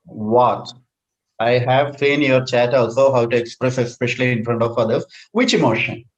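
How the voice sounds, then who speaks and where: A man's voice: medium pitch, normal speed, lo-fi sound. A man, a counsellor answering questions in an online session, explaining and repeating key phrases. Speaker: counsellor and workshop presenter. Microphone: video call.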